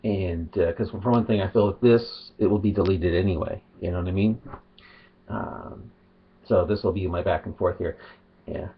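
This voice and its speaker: A man's voice: sits low, steady tone, moderate pace, slightly rough. A man talking casually to his webcam at home, rambling and breaking off his own sentences. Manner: rambling, self-interrupting. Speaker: video blogger. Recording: dull lo-fi webcam audio.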